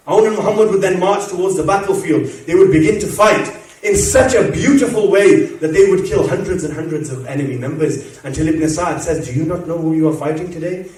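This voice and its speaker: High-voiced man preaching in an echoey hall. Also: distant mic. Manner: tells stories with quoted dialogue, voice drops low and soft at emotional moments. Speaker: Muharram speaker. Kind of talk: religious lecture storytelling. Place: mosque or community hall.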